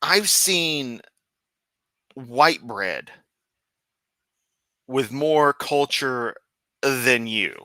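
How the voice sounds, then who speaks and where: A man's voice: mid-range voice, lively intonation, very slow, long pauses, pushed and bright, dry recording. A man from Memphis with a Southern accent, giving sarcastic, goofy, profane commentary on a livestream. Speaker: streamer host.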